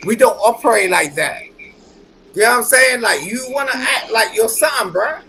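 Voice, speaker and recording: Drunk, combative man with a creaky high voice. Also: animated, moderate pace, sharp tone, slight background noise, poor audio. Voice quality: slurred, boastful and combative. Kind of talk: heated livestream argument.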